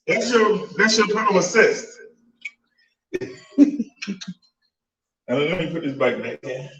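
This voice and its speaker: A man's voice: high-pitched, very animated, slow pace, long pauses, pushed and bright, echoey room, rough recording. A man casually demonstrating an e-bike in a vlog, chatty, laughing and talking to his viewers. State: out of breath. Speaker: fitness and e-bike vlogger.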